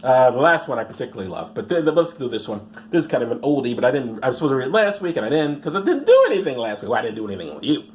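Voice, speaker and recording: Man, sarcastic news riffing, rambling asides, lively up-and-down delivery. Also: mid-range voice, racing, few pauses, slight background noise. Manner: rambling, mocking asides, mumbled "blah blah" skips. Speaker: vlogger reading news stories.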